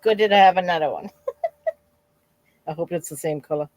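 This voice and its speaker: A woman's voice: on the low side, normal speed, darkish tone, dry recording. Woman crocheting on a dry stream call. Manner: chatty, narrating her own crochet progress. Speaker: guest crocheting in a livestream. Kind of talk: casual livestream chat.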